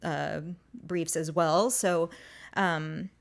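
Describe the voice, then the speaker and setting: A woman's voice: low voice, steady tone, extremely slow, vocal fry. A young adult woman chatting casually as an interview guest, talking freely with many "like" and "um" fillers. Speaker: guest, music agency co-founder.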